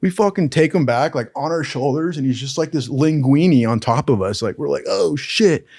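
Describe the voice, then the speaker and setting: A laid-back man tells raunchy anecdotes from his military training in a relaxed, profane, chatty way. The recording is dry and close, with no room sound. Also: mid-range voice, brisk, breathy edge, dry recording. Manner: profane, laid-back, keeps saying "dude". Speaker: storyteller recalling military training. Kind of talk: casual crude anecdote telling.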